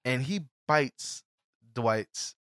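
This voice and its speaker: A man co-hosting a podcast, recapping a TV episode in an animated, joking, crude way. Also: mid-range voice, drawn-out words, dry recording, studio quality. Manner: animated, laughing, crude jokes. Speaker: podcast co-host.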